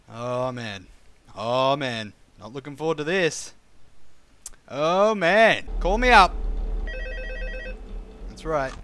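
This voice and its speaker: A man's voice: mid-range voice, extremely slow, long pauses, a bit bright. A man playing a horror game, reacting with jumpy swearing and nervous laughter. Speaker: let's play gamer.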